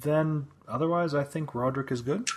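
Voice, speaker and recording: A man's voice: fairly high pitch, normal speed, very noisy. A man playing a tabletop game, asking lots of questions and citing the rules. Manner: inquisitive, rules-minded. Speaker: player. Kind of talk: casual tabletop play.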